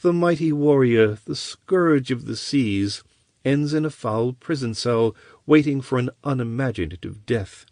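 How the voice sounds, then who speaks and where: A man's voice: mid-range voice, expressive, a little slow, darkish tone, dry recording, studio quality, pitched above the performer's own voice. Chryseis, a cynical seductive sorceress voiced by a man. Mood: mocking. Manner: silky and coaxing.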